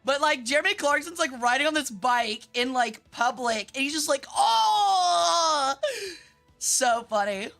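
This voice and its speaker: A bright, fairly high voice from a young woman from Memphis, chatting loosely on a game stream. She is animated, swears freely and breaks into laughs and shrieks. Music plays softly behind her. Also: normal speed, hardly any pauses. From Memphis, US South. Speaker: vtuber streamer. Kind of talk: casual live-stream chat while gaming.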